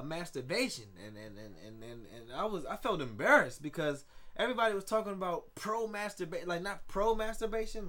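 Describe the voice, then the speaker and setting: A man's voice: a little high, a bit bright. A man hosting a solo podcast in rambling, jokey casual chat, laughing often and tripping over repeated words. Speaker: podcast host.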